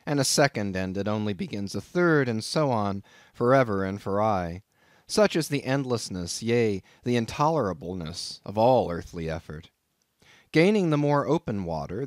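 A man's voice: medium pitch, no echo, studio quality. Man narrating a classic sea tale. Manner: measured, dramatic storytelling. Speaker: audiobook narrator. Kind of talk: scripted narration.

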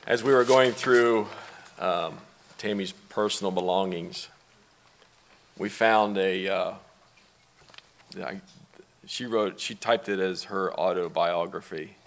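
A middle-aged man, a father speaking at a memorial service, talking softly and haltingly, with pauses. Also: low voice. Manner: soft-spoken, halting, with pauses. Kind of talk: personal eulogy and reading aloud. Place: church sanctuary.

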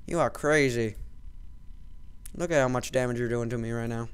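A man hosting a game playthrough, trash-talking the fighters on screen and muttering to himself between loud outbursts. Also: medium pitch, normal speed, clear, resonant tone. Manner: excitable, trash-talks the game's fighters. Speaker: let's play host. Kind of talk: gaming commentary.

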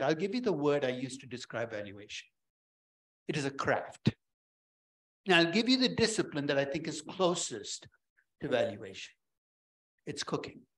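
A man, a university professor, giving a lively, joking lecture in a conversational way. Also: a little high, poor audio.

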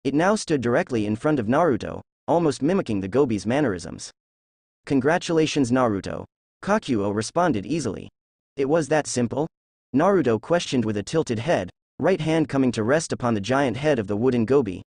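Male fan fiction narrator, steady storyteller, dry recording. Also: mid-range voice, a little fast, hardly any pauses, slightly rough, no echo.

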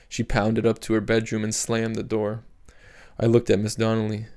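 A man narrating an audiobook chapter in a steady, measured reading. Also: fairly low pitch. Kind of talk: scripted narration.

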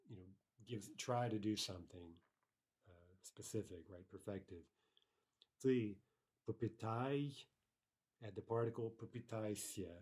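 A man teaching an online grammar lesson, explaining step by step, repeating each word slowly and often asking "right?". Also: lowish voice, dark tone. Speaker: language teacher.

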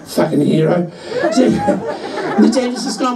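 A man's voice: high voice, wildly swooping pitch, normal speed, dark tone. A drag queen comedian, telling camp, bawdy, swearing jokes on stage. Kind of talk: live stand-up banter. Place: licensed music venue, on stage. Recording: roomy live venue, mic far off, crowd noise.

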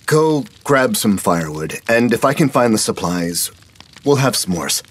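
Guy doing a fed up camp chaperone, low husky voice, short tempered. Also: big pitch swings, unhurried, full character voice. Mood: impatient. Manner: snappish, impatient. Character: irritable adult man in charge of scouts.

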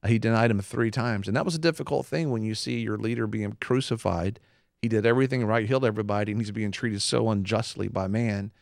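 A man's voice: fairly low pitch, steady tone, quick pace, gravelly, no room sound, clean studio sound. A man hosting a Christian talk show, speaking emphatically like a preacher and repeating points for stress.

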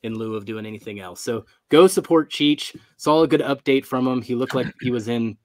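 A man hosting a casual livestream, relaxed and a little hesitant as he talks about helping a friend and explains donations. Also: medium pitch, brisk, no echo. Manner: relaxed, a bit hesitant, lots of uh and um. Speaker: livestream host.

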